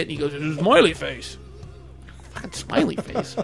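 Guy on a podcast telling crude family stories, high voice, laughs a lot, bit of music behind. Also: sing-song, normal speed, vocal fry. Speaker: podcast host. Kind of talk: casual storytelling chat.

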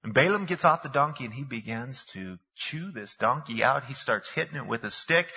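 A man's voice: on the high side, animated, a little fast, sharp tone, husky. A man preaching a sermon, a pastor who tells the story in a folksy way with slang asides, recorded with long hall reverb and a dull, lo-fi sound.

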